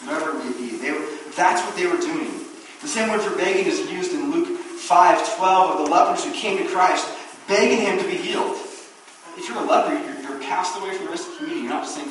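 A man preaching a sermon as pastor, animated and acting out the voices he quotes. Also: a little high, fast talker, slight background noise. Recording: very echoey room, distant mic.

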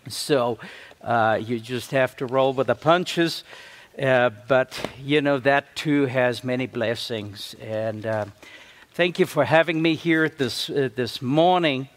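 A man from Africa, a visiting pastor, preaching a sermon with lively storytelling and acted-out quotes of church members. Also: mid-range voice. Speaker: guest pastor.

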